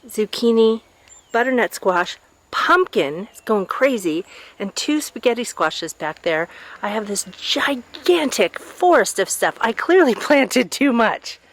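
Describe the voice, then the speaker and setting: A woman's voice: on the high side, lively intonation, takes it slowly, echoey room. A woman vlogger chatting casually to her viewers, rambling with lots of fillers and restarts. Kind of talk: casual chat to camera.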